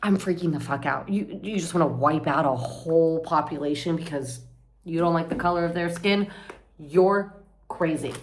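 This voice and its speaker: Young woman venting in a rambling rant. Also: normal speed. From Florida. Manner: rambling, swearing, self-mocking, jumps to loud high outbursts. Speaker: vlogger. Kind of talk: casual venting to camera.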